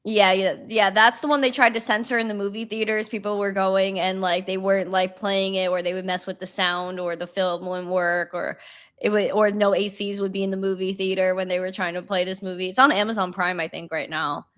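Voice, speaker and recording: A woman's voice: mid-range voice, level tone, a little fast, fairly bright tone, smooth. A young woman in casual chat, rambling with many fillers and laughing easily.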